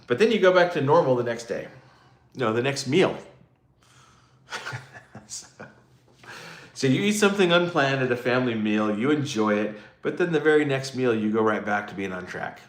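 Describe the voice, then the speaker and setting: A man hosts a casual livestream in a roomy-sounding space, his medium-pitched voice animated and moderately paced, broken up by long pauses. Chatting with live comments, he wanders off on tangents and makes fun of himself along the way.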